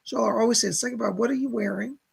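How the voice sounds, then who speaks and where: Gravelly, husky-voiced man chatting on a live stream. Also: very high voice, quick pace, low-quality recording. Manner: gushing, chatty, full of exclamations. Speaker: psychic medium hosting a live stream. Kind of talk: casual live-stream chat.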